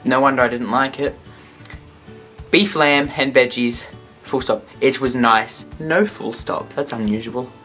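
A young man, trading dry, deadpan quips with a friend. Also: mid-range voice, unhurried, faint music behind. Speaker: vlog guest. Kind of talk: casual chat.

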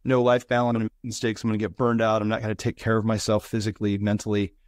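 A man's voice: lowish voice, completely flat delivery, fast, dry recording, studio quality. A middle-aged man, a business consultant guest on an interview podcast, earnestly and reflectively recounting lessons in short, building phrases. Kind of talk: conversational interview storytelling.

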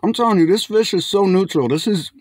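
A man's voice: sits high, brisk, a little mellow, no room sound. A young man casually reviewing canned fish outdoors, chatty and laid-back, often calling viewers his friends. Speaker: food reviewer. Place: outdoors in bright sun.

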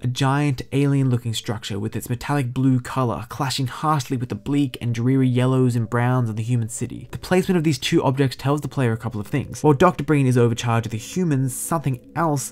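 Brief: young male essay narrator, mid-pitched, casual and eager, drops curse words. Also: darkish tone. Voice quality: enthusiastic, profane. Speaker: video essayist.

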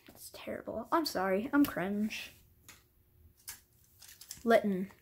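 Pitched fairly high, this woman talks a little slowly with long pauses, and a faint hiss or hum runs underneath. In a relaxed show-and-tell vlog at home, she presents her collection, wandering off topic, self-deprecating, often saying sorry and sometimes whispering.

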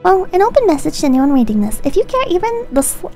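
A woman with a high voice reads viewer messages in a hushed ASMR delivery, close to the microphone. Her reading swings between mock-solemn and irreverent, with plenty of swearing. Faint music plays quietly behind her. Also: sing-song, quick pace. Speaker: streamer host.

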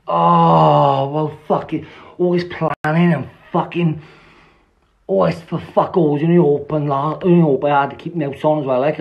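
A man's voice: a little high, vocal fry. A man telling a long story in a rambling, casual way, swearing constantly and restarting his sentences, recorded on a dull lo-fi phone mic. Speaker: social media storyteller.

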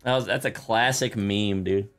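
A man hosting a live-streamed game, chatting with a teammate and viewers, laughing often and excitable. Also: lowish voice, moderate pace, faint music behind. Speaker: streamer and gaming host. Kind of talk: live-streamed gameplay chat.

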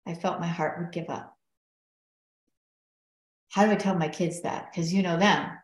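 A middle-aged woman with a lowish voice recounts her own story in an earnest, reflective way. She talks it through as a guest and quotes what others said along the way. The room around her is noticeably roomy and echoey. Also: steady tone, unhurried. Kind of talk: personal storytelling in conversation. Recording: roomy echo.

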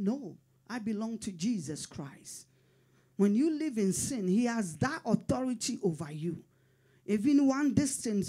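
A woman's voice: fairly high pitch, dark tone. Fervent woman preaching a sermon. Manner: fervent, declaring in short repeated phrases. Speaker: pastor.

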